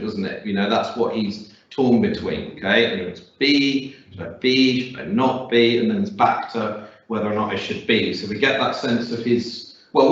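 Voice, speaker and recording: A man's voice: medium pitch, lo-fi sound. A male teacher leading a classroom lesson, encouraging and questioning students, with many fillers. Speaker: English teacher. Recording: echoey classroom, far from mic.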